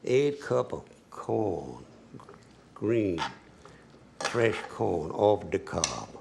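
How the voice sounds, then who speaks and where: A man's voice: low voice, sing-song, drawn-out words, creaky, noisy background. A man giving a cooking demonstration as a home cook, folksy and chatty, talking straight to the viewer.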